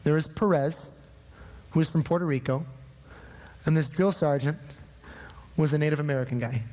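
A man's voice: on the high side, normal speed, long reverb tail. A man from northern Minnesota preaching a sermon, telling a personal story with acted-out dialogue. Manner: animated storytelling, acting out dialogue. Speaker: pastor.

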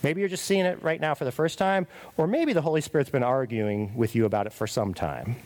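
A middle-aged man preaching a sermon as pastor, confessional and emphatic, tagging points with "right?" and dropping to a quiet, earnest voice in prayer. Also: mid-range voice, fairly quick.

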